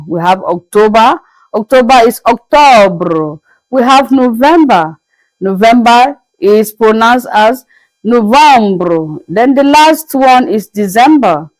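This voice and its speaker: A woman's voice: a little high, darkish tone, dry recording, poor audio. A woman teaching French as a lesson to her channel, who spells the words out and repeats each one patiently. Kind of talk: slow, patient classroom lesson.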